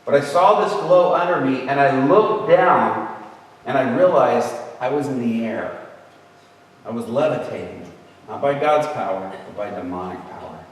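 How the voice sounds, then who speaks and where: Heard from afar in an echoing large hall at an event, a preacher with a mid-range voice speaks at a moderate pace. Recounting a personal story in his sermon, he acts out those he quotes with big vocal jumps.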